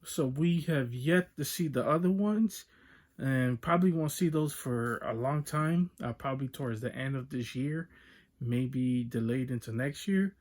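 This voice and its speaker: A man from the United States hosting a casual toy unboxing vlog, rambling and relaxed, often saying "so there's that". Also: medium pitch, unhurried. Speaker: toy unboxing channel host. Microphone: phone or webcam on desk.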